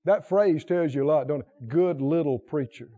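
A man's voice: on the high side, moderate pace, warm tone, highs cut off. A male preacher delivering a sermon, talking with animation, questioning the crowd and laughing now and then.

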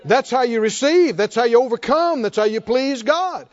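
A male pastor preaching a sermon, slow and emphatic, rising to fervent calls to his congregation. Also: very high voice, lively intonation, dull audio.

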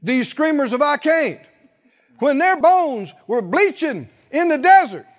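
High-pitched guy preaching slow, acting out the story, going quiet then yelling, long hall echo, muffled recording. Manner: animated, acts out the people in the story, swings from quiet to shouting. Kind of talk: sermon. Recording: dull lo-fi sound with long hall reverb.

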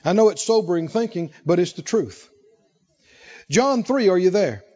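A man preaching a sermon with animated, rhythmic repetition and emphatic phrasing. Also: high-pitched, moderate pace, highs cut off.

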